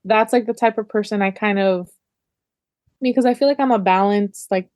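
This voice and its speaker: A woman's voice: mid-range voice, normal speed, a little mellow, no echo, studio quality. A woman co-hosting a casual book club discussion, working through her ideas thoughtfully with lots of "like.". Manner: thoughtful, explains with many "like"s.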